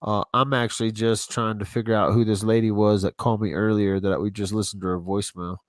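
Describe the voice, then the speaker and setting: A man hosts a livestream in a loose, easygoing way, dropping casual slang and thinking out loud. His voice sits at an ordinary pitch. The sound is dry and close. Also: little pitch movement, brisk, no echo. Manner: rambling, laid-back, talks to himself while browsing; casual slang, says y'all. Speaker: YouTube channel host.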